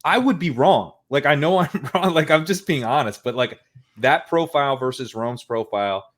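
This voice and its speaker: A man's voice: mid-range voice, moderate pace, a bit bright. A man appearing as a guest analyst in a casual sports chat. He states his opinions frankly and admits it when he might be wrong.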